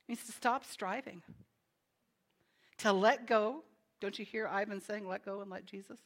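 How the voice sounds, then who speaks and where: A woman preaching a sermon in a conversational, animated way, with dramatic pauses and quick laughing asides. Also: mid-range voice.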